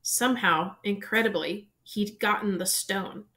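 A woman's voice: mid-range voice, a little slow. Woman reading a storybook aloud. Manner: expressive storytelling narration. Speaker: reader. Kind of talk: reading a children's novel aloud.

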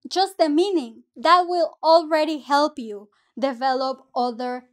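High-voiced, slow-talking teacher woman. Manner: patient, explains step by step, mixes English and Spanish. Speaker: Spanish teacher. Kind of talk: language lesson.

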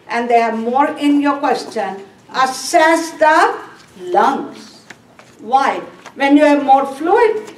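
A woman's voice: high-pitched, slight background noise. A woman teaching a nursing review class, asking and answering her own questions and repeating key words. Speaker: nursing instructor. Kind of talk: classroom lecture. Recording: roomy classroom from a distance.

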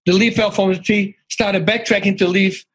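A middle-aged man with a Dutch accent talks as a guest in a casual interview, his voice husky and pitched a little high. He tells his stories with animation, acting out quoted lines and often restarting his sentences. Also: steady tone, normal speed, poor audio. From Netherlands.

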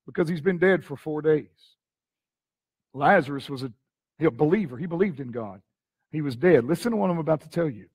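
A man with a Texan accent preaching a dramatic sermon as pastor, reading scripture with sudden swings from loud to hushed. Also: a little high, animated, brisk, slightly rough. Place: church sanctuary.

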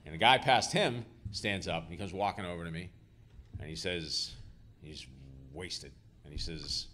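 Low-voiced man telling wry stories. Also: normal speed, bright, forceful tone, slight background noise. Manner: self-deprecating, wry, many fillers and restarts. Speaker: author speaking to an audience. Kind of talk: live storytelling talk. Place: school auditorium before an audience.

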